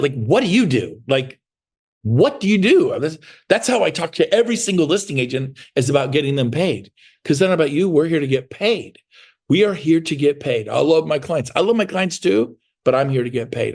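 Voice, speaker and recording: A man's voice: medium pitch, brisk, vocal fry, a little mellow. A middle-aged man giving a motivational sales training talk in an emphatic, repetitive, hard-selling way. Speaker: real estate sales trainer.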